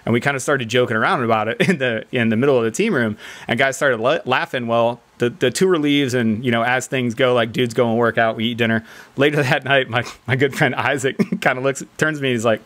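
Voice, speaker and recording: A man's voice: mid-range voice, brisk. A man telling a long story casually among friends, laughing often and acting out what others said. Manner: animated, laughs often, acts out other people's lines. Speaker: podcast co-host telling a military story. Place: indoor team room.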